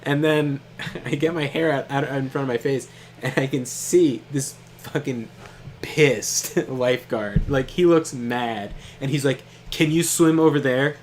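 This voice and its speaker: A man's voice: mid-range voice, unhurried, slight background noise. A young man casually telling a funny story to his brother while they play a game, laughing often and swearing freely. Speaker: co-host of a gaming stream.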